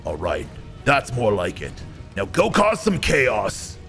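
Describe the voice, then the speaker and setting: A man's voice: medium pitch, wildly swooping pitch, slow, gravelly, a bit bright, faint music behind, pitched below the performer's own voice, full character voice. A man voicing a gloating supervillain father who mocks and taunts others in a sneering way. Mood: scornful. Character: gloating male supervillain father, cruel and mocking.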